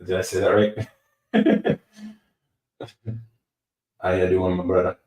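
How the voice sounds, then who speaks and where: A low-voiced man hosts a loose, casual live Q&A, rambling and joking at his own expense. He sits back from the microphone, so his voice comes through distant and echoing around the room. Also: little pitch movement, slow, a little mellow. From United States. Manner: rambling, joking, self-deprecating. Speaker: host answering live chat. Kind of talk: casual livestream Q&A. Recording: roomy sound from away from the mic.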